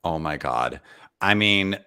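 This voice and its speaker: A man's voice: low-pitched, animated, slow pace, bright, forceful tone, clear, resonant tone. A man co-hosting a casual reality TV recap, talking animatedly and acting out other people's quotes in put-on voices. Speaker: podcast co-host.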